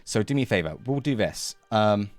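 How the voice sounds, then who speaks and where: A man narrating as game master, animated, acting out sound effects and laughing often. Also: lowish voice, a little fast, dry recording, faint music behind.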